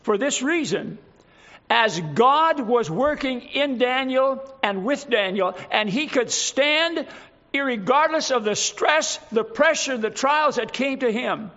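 A man preaching a sermon in a slow, emphatic way, reading scripture aloud and explaining it. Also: extremely high pitch, expressive, bright, forceful tone, muffled recording.

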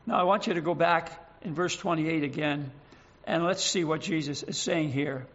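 A man preaching a sermon, earnest and emphatic, slowing down to stress scripture verses. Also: a little high, fairly bright tone, lo-fi sound.

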